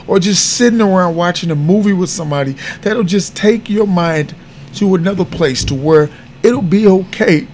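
Man, podcast host, high-pitched voice, earnest, heartfelt commentary. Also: darkish tone, slight background noise. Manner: earnest and heartfelt, speaking openly.

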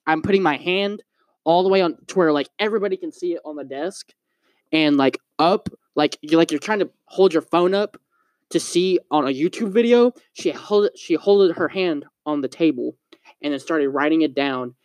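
A man's voice: a little high, normal speed, no echo. A young man co-hosting a podcast, telling a story with lots of swearing and acted-out quotes in casual chat. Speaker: podcast co-host.

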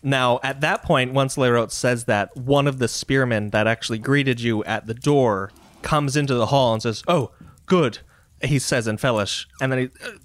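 A man narrating a tabletop game as game master, in a relaxed, descriptive way. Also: medium pitch, moderate pace, hardly any pauses, no room sound.

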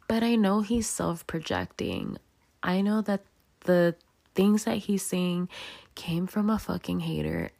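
A woman's voice: fairly low pitch, creaky, darkish tone, no room sound. A young woman hosting a podcast, telling a story in a blunt, casual way, swearing freely and acting out what people said. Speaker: podcast host.

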